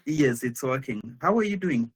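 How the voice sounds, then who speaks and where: A man, a guest speaker, chatting casually before a live online session, talking in a hesitant, halting way with frequent restarts over a video call. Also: medium pitch, lively intonation, slightly rough. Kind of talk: casual pre-show chat.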